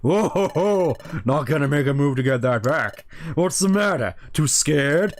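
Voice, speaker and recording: A man's voice: on the high side, animated, unhurried. A man voicing a cocky male thief Pokémon in a video game, sneering and boastful.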